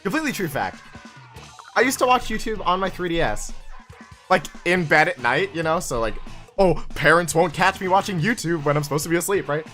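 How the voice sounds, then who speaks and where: Young male streamer, bright tense voice, lively pitch, faint game music behind. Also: a little fast. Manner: animated, chatty, talks to chat. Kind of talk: casual live-stream chat while gaming.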